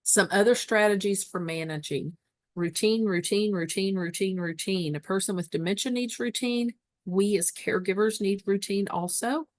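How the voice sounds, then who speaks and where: A woman's voice: lowish voice, no echo, clean studio sound. A woman giving a webinar lesson on dementia care, teaching emphatically and repeating key phrases. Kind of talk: webinar presentation.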